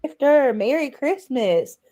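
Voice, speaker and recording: A middle-aged woman hosting a casual livestream, chatting warmly with viewers, greeting them by name, often clearing her throat. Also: high-pitched, animated, takes it slowly. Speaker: livestream host.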